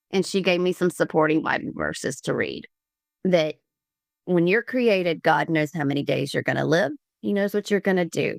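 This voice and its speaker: A woman from Georgia telling her story as a podcast guest, earnest and halting with many restarts. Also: low voice, gravelly, dry recording, studio quality. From Columbus, Georgia, US. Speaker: podcast guest, liver transplant recipient. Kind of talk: candid conversational storytelling.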